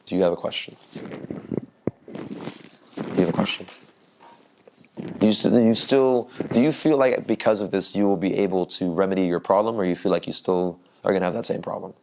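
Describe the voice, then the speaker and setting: A man's voice: low-pitched, fairly quick, long pauses, darkish tone, poor audio. A man teaching a jiu-jitsu workshop in casual talk, restarting phrases and asking the group questions. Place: training room at a camp.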